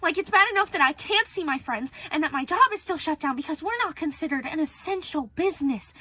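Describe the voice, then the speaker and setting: A woman's voice: extremely high pitch, bright, forceful tone, no echo, heavily acted. An actress playing a young woman alone in lockdown and terrified of a spider, venting and swearing in a frazzled stage monologue. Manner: frazzled, swearing, venting, drops to near whispers.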